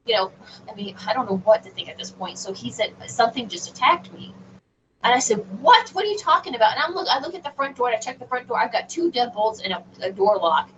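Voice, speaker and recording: A woman guest on a radio show, telling a personal story in an animated, halting way with many fillers. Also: on the high side. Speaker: guest medium. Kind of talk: casual storytelling in a radio interview. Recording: distant, dull lo-fi sound with faint noise.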